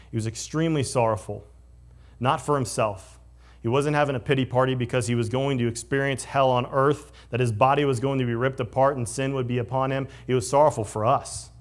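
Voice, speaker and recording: With a mid-range voice, a male pastor preaches in a conversational way, alternating animated stories with quiet, solemn stretches.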